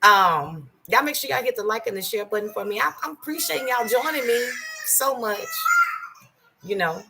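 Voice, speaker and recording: A middle-aged woman hosting a casual livestream from home, greeting viewers by name and speaking candidly, softer and slower on painful memories. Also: fairly high pitch, sing-song, creaky, background noise. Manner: greets and thanks viewers by name between stories. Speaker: livestream host. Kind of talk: casual live-stream chat.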